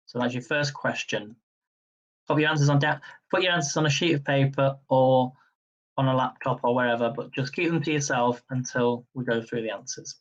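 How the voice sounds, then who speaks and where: A man runs a live-streamed quiz at a mid pitch, chatting loosely between rounds. He slows right down to read each question with care, then reads it again. The stream audio is dull and lo-fi. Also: distant mic. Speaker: quiz host.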